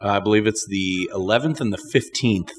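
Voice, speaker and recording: A man's voice: fairly low pitch, a little fast, long reverb tail, slight background noise. A man guesting on a podcast in a hotel bar, good-humored with wry asides. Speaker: distillery guest. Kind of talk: casual interview chat.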